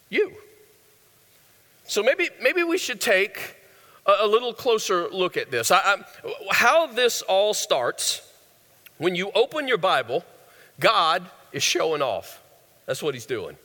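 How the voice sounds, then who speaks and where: High, bright-voiced preacher in a reverberant hall. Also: male voice. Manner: conversational, asks the audience questions, jokes. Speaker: pastor. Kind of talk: sermon.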